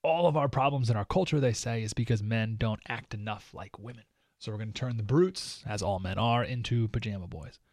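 A man's voice: on the low side, fairly quick, darkish tone, no echo, clean studio sound. A man hosting a radio talk show, delivering an opinionated monologue in a sarcastic, mocking, emphatic manner. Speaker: radio host.

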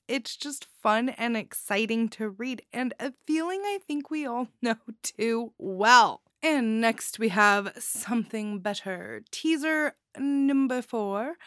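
A woman's voice: fairly high pitch, fairly bright tone, no room sound, studio quality. A woman hosting a podcast, giving a casual, chatty review with bubbly enthusiasm and frequent giggles. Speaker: podcast host reviewing stories.

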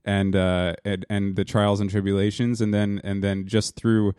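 A man in his thirties from New Jersey, rambling through a casual podcast chat with many halting restarts. His voice sits very low. The recording is close and dry, made in a small home studio. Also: little pitch movement, darkish tone, clean tone, no echo. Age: 30s. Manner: rambling, halting, laughs often. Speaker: podcast co-host. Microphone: podcast mic in a small home studio.

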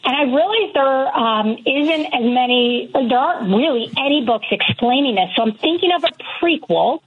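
Husky-voiced woman on a dull line. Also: high-pitched, animated, moderate pace. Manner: explains at length, loose and rambling. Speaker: guest author of a children's book. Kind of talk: radio talk show guest chat.

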